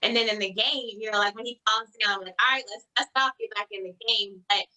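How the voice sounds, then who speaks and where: A woman's voice: mid-range voice, fairly even intonation, fast, pushed and bright, rough recording. A woman in a casual chat, earnestly explaining her point through comparisons.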